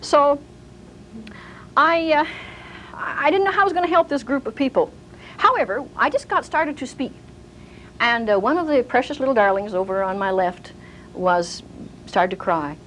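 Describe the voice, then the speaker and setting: A woman's voice: high-pitched, normal speed, long pauses, a little hiss or hum, low-quality recording. An older woman teaching a sermon, telling stories and acting out the voices of the people in them. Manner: animated storyteller, acting out quoted voices. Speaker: Bible teacher.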